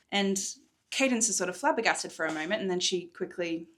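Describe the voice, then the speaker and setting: A woman's voice: lowish voice, animated, brisk, a bit bright. A woman, an author enthusiastically recapping and reading from her own book, recorded in a hotel room. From Australia. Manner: enthusiastic, chatty, with laughs. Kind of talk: chatty readalong recap mixed with book reading.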